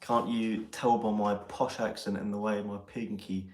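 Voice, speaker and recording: Bantering English man, low and echoey. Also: flat delivery, moderate pace, darkish tone. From England. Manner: banter and laughing. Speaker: live stream host. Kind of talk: casual live chat. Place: outdoors near Ely.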